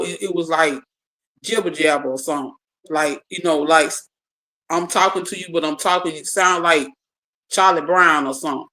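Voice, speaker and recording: A speaker telling a personal story to a small group in casual talk, animated, repeating and restarting words and acting out the dialogue. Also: mid-range voice, rough recording.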